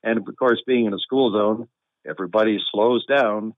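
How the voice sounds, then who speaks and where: A man telling a long anecdote in a relaxed, wry way with chuckles and deadpan humor. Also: lowish voice, normal speed, no echo. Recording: tinny phone-like line, dry.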